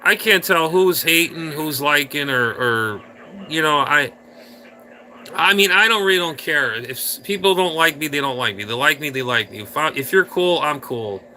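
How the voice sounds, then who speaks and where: A man's voice: a little high, lively intonation, normal speed, pushed and bright. A man hosting a casual livestream, rambling and ranting crudely at viewers in chat. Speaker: livestream host.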